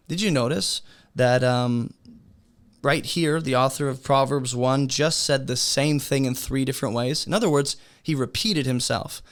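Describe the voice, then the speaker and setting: A man teaching a beginner's Bible study lesson in a relaxed, conversational way, asking his listeners rhetorical questions. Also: medium pitch, normal speed.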